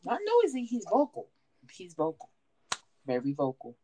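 Woman, podcast co-host, casual chat, very lively pitch, laughs often. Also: moderate pace. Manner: laughs often, animated storytelling.

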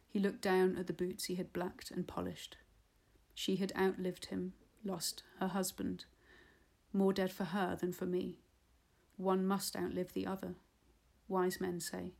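A woman reading a literary novel aloud in a measured, unhurried way. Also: on the low side, level tone, vocal fry, a little mellow. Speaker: audiobook reader. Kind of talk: literary audiobook narration.

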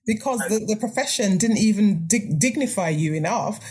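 A woman's voice: medium pitch, lively intonation, moderate pace, a little mellow, husky. An older woman speaking earnestly as a podcast guest, reflective and sometimes restarting her sentences. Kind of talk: podcast interview.

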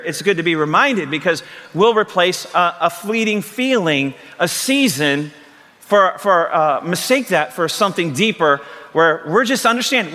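A middle-aged man preaching a lively, joking sermon as pastor, rising to shouts. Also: fairly high pitch. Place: church sanctuary. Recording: long reverb of a large hall.

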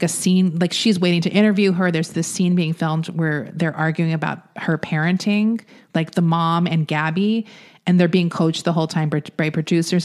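A chatty woman co-hosting a podcast, recapping a story with frequent laughs and a lot of "like." Her voice sits a little low. She sounds loose and conversational. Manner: chatty, laughs often, lots of "like". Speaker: podcast co-host. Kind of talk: casual chat recapping a story.

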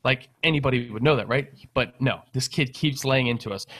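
A man's voice: medium pitch, a little fast, a bit bright. A young man telling a rambling, profane story in a casual podcast chat.

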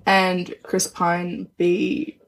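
A woman's voice: fairly low pitch, completely flat delivery, extremely slow, poor audio. A woman guesting on a casual podcast, enthusiastic, giggly and full of jokes. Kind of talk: casual chat.

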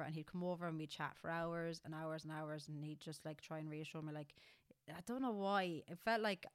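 A woman's voice: deep voice, fairly even intonation, fairly quick, clean tone, dry recording. A young Irish woman in her twenties, talking candidly and rambling with lots of fillers and restarts as a podcast co-host. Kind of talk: casual chat.

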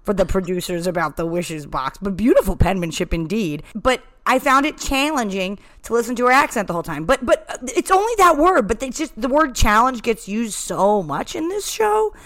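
A woman co-hosting a podcast in casual chat, riffing in fast, profane rants. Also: mid-range voice, sing-song, fairly bright tone, no room sound. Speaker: podcast co-host.

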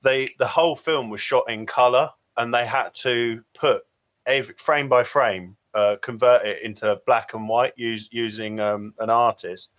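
A man co-hosting a comedy podcast, telling dry deadpan stories. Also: medium pitch, normal speed. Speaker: podcast co-host. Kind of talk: casual comedy chat. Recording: dull podcast audio.

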